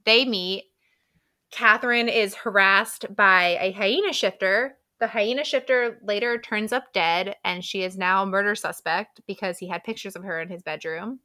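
A woman's voice: medium pitch, normal speed, pushed and bright. A woman co-hosting a book podcast, recapping the plot in frank casual chat and laughing often. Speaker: podcast co-host.

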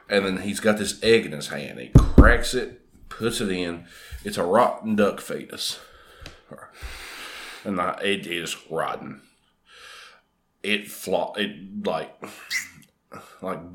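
A man's voice: sits low, fairly bright tone. A young man telling a story casually and with animation, chuckling as he goes.

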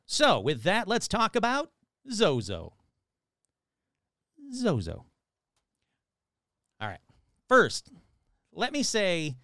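A man's voice: medium pitch, fairly bright tone, no echo, studio quality. A male podcast host reading odd news aloud with sarcastic, irreverent asides. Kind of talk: casual podcast commentary.

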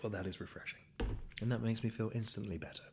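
A man's voice: fairly low pitch, fairly even intonation, fast talker, darkish tone, slight background noise. A man hosting his own solo podcast into a microphone, talking in a rambling, self-deprecating way. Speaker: podcast host.

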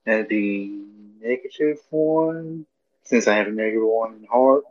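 Male player, slow, plain-spoken, muffled mic. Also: lowish voice, darkish tone. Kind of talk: casual play over voice chat.

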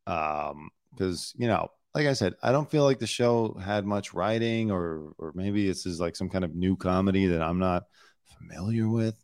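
A man's voice: deep voice, normal speed, darkish tone, no room sound, clean studio sound. A middle-aged man co-hosting a casual chat, talking bluntly and sarcastically with plenty of swearing. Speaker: co-host, former celebrity news producer.

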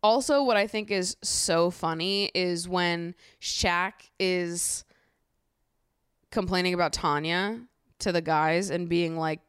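A young woman hosting a podcast, recapping reality TV in an animated, exasperated way, swearing and laughing often. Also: lowish voice, slow, clean tone, no room sound, clean studio sound. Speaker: podcast host.

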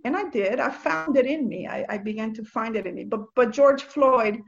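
Woman, from Nicaragua, personal testimony, earnest, reflective, restarts often, slightly high voice, dull lo-fi sound. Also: moderate pace, vocal fry. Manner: earnest, reflective, many restarts and repeated words. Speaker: speaker on faith and empathy. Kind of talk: personal testimony, casual talk.

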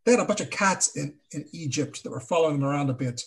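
A man's voice: a little high, lively intonation, fast. A man playing a tabletop horror game, rambling and hesitant, with many fillers. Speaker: player. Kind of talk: in-character tabletop play.

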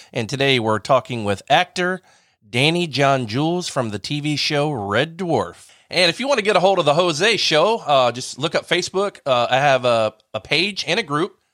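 A man's voice: mid-range voice, expressive, moderate pace, a bit bright, no room sound. Man hosting radio interview, dry sound. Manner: friendly, brief reactions, plugs social media. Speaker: radio show host.

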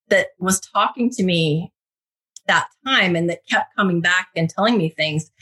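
A woman on a podcast telling a personal story in a casual, animated way, acting out the quotes. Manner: animated, acts out quotes with big pitch jumps. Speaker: guest, intuitive reader.

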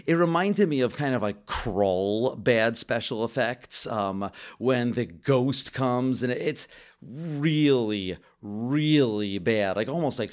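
A young man co-hosting a casual film review podcast, talking in an animated way, swearing casually and stumbling over his words. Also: mid-range voice. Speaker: podcast co-host.

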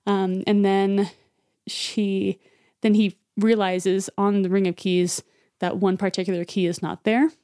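Woman podcast co-host, chatty storyteller, smooth clear voice, mid-range pitch. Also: flat delivery, unhurried, mellow. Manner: chatty, many fillers like "um" and "like". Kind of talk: casual storytelling retelling.

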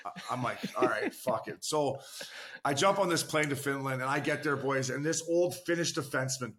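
A man's voice: medium pitch, a little fast, a bit bright, slight background noise. A man, a former pro hockey player, chatting as a podcast guest, with many restarts and loose swearing, calling the hosts boys and fella. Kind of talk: casual podcast chat.

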